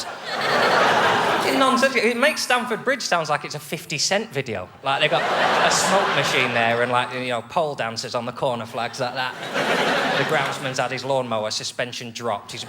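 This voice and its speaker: A man's voice: mid-range voice, moderate pace, heavy background noise. A man doing a stand-up comedy set, sweary and mocking, often slipping into silly voices. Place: studio stage with a live audience.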